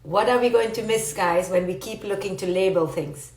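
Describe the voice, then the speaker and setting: Woman, live-stream teacher, playful, animated, mid pitch, echoey room. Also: normal speed. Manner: animated, playful, answers viewer comments. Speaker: psychologist giving a live talk. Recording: roomy echo.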